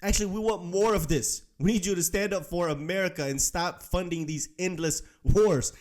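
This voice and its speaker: Man, political commentary host, blunt, emphatic, somewhat high voice. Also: normal speed, darkish tone.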